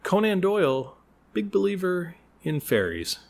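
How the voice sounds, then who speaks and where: A man's voice: high-pitched, very animated, unhurried, darkish tone, a little hiss or hum. A man co-hosting a casual chat podcast, rambling and laughing often. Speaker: podcast co-host.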